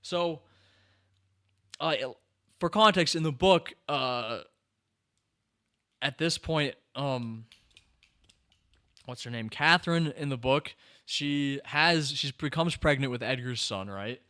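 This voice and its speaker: A man hosting a podcast, chatting casually in a rambling, animated way with many fillers and restarts. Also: mid-range voice, slow, pauses often, clear, resonant tone. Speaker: podcast host.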